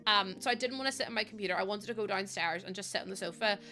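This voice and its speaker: A woman's voice: medium pitch, racing, sharp tone, faint music behind. A young woman streaming while she plays a building game, rambling in casual chat with lots of fillers and the odd swear word. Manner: rambling and chatty, with many fillers, swearing freely.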